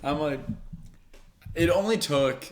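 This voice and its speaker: A young man co-hosting a podcast in casual chat, mostly agreeing and adding quick joking asides. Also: on the high side, a little hiss or hum. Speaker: podcast co-host.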